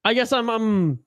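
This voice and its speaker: A man hosting a live hockey watch-along stream, giving casual play-by-play and joking and swearing while reading chat aloud. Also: very high-pitched. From Canada.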